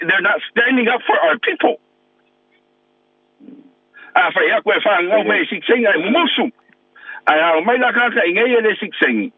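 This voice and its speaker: A man's voice: high-pitched, no echo. A man in his sixties from American Samoa, calling in to a radio show as a pastor and veteran and complaining emphatically. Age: 60s. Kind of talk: phone-in call to a radio show. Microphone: telephone. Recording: tinny phone line, dry.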